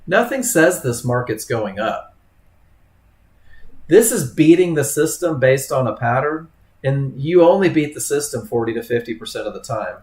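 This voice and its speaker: A man's voice: mid-range voice, very animated, moderate pace. A man leading a live trading webinar, talking casually to students by name and acting out traders' thoughts. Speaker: trading instructor. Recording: echoey room.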